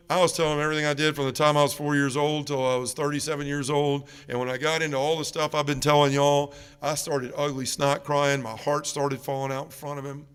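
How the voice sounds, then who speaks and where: A man's voice: fairly high pitch, fairly bright tone, clear, resonant tone. A middle-aged man giving an earnest personal testimony at a parish mission, acting out the people in his story. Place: large church. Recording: long reverb of a church.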